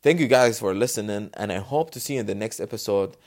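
A man from Dubai hosting a solo podcast, talking off the cuff in a casual, animated way and acting out the voices in his stories. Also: lowish voice, quick pace. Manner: casual, animated storytelling, acts out quotes. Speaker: podcast host. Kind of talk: unscripted solo podcast talk.

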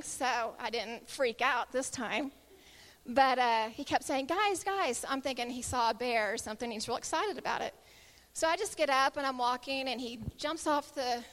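A middle-aged woman giving a sermon, telling a personal story in an animated way and acting out the voices of the people in it. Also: high voice, in a large hall. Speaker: speaker giving a Christian talk.

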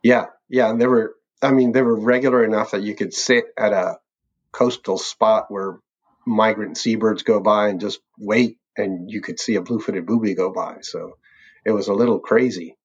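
A man's voice: on the low side, fairly even intonation, normal speed, slightly rough. A man, a birding tour leader, chatting casually and rambling through an old trip story, laughing often between phrases. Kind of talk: casual reminiscing chat. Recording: dull lo-fi sound.

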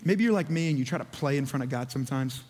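A man's voice: medium pitch, lively intonation, quick pace, a little mellow. A man preaching a sermon as pastor, fervent and urging, repeating phrases for emphasis. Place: church auditorium. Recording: long hall reverb.

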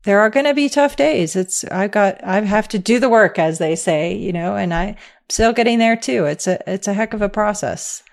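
A woman's voice: mid-range voice, animated, moderate pace, creaky. A middle-aged woman from the US, a guest in an interview, telling her story earnestly and emphatically, often laughing. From American.

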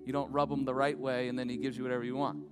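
A man in his thirties, a pastor preaching a sermon, swinging between loud urgent stretches and hushed ones. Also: mid-range voice, flat delivery, racing. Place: church auditorium. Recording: long reverb of a church hall with music.

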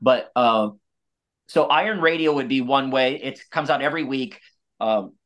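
A man talking as the guest on a podcast in a voice of middling pitch. He rambles loosely and drops slangy asides. He sounds like an expert talking shop over coffee. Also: moderate pace, a bit bright, muffled recording. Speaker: guest expert on nutrition and exercise. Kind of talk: casual podcast conversation.

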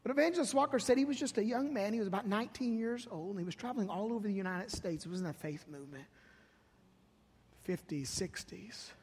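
A male pastor telling a long story in a sermon, repeating "he said" and building to loud, emphatic bursts. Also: sits high, quick pace, husky. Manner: retells a story with many "he said" tags, rising to loud emphatic bursts. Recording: long reverb of a church hall.

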